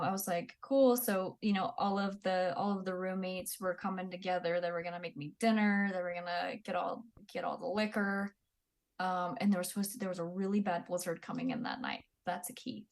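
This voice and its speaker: Blunt young woman telling her story. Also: on the low side. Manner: blunt and profane, acts out quoted people. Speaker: podcast guest, Army veteran. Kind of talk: candid casual storytelling.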